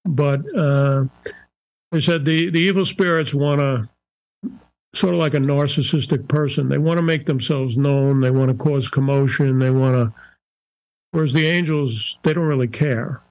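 Older man with a gravelly, dry voice. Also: medium pitch, steady tone, a little mellow, no echo, low-quality recording. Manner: measured, searching, often restarting phrases. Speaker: psychiatrist guest. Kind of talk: conversational podcast interview.

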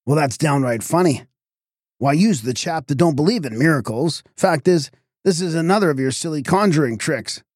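A man voicing an irritable, blustering village constable who speaks gruffly and accusingly. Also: fairly high pitch, animated, normal speed, darkish tone, no room sound, studio quality, voice pushed up. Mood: scornful. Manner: gruff, accusing, rough speech.

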